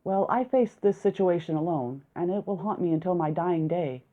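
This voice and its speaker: A woman's voice: lowish voice, moderate pace, natural voice. A woman reading the lines of a jumpy male doctor who tells the story in first person, in an audiobook. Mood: flustered. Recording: tinny phone-like sound.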